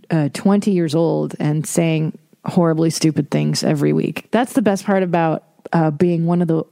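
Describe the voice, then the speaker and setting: A woman in her forties talks alone into a close mic, winding through stories full of swearing and cheerful self-mockery. Her voice sits on the lower side, and the room sounds dry and dead. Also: creaky, mellow, no echo. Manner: profane, self-deprecating, rambling storyteller. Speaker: podcast host. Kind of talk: casual solo podcast monologue.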